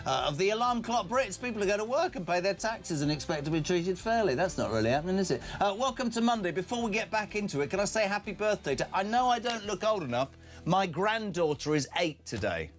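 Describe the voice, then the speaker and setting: Middle-aged British male talk host, animated delivery, pitch sitting a touch high. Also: soft background music. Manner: animated, opinionated, quick asides. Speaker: radio talk show host. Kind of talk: live breakfast talk show.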